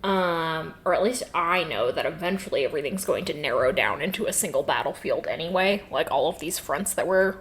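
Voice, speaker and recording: A woman's voice: low-pitched, animated, a little fast, few pauses, a little hiss or hum, poor audio. A woman co-hosting a podcast, talking in chatty casual conversation, swearing freely and laughing often. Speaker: podcast co-host. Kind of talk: casual chat.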